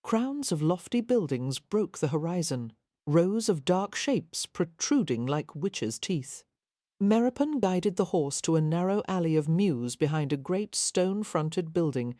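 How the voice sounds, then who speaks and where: Female narrator, measured reading, mellow and low. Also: very animated, dry recording, clean studio sound. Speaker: audiobook narrator. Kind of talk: scripted narration.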